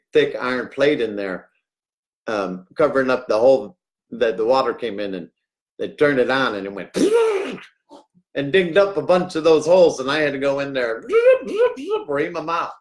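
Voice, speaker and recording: A middle-aged man hosting a rambling livestream, jokey and swinging between loud outbursts and hushed asides. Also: medium pitch, normal speed. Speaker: livestream host.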